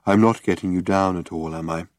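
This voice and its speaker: A man voicing a gloomy, depressed male robot in a low, hopeless drone. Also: steady tone, brisk, no room sound, clean studio sound, natural voice.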